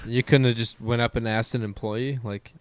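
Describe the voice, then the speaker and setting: A man's voice: medium pitch, steady tone, normal speed, clean tone, no echo. A young man co-hosting a podcast, teasing and questioning his friend in casual chat. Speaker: podcast co-host.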